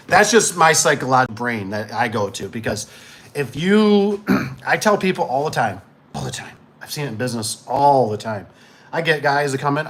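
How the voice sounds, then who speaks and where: A man's voice: medium pitch, sing-song, moderate pace, a bit bright. Rambling middle-aged man, shop talk. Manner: rambling, acts out customers in put-on voices. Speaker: garage door business owner.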